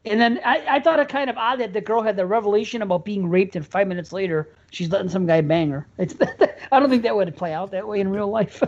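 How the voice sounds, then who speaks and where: A man's voice: sits high, a little fast, hardly any pauses. A man co-hosting a podcast, giving blunt, joking takes in a casual movie review chat. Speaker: podcast co-host. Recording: muffled lo-fi audio.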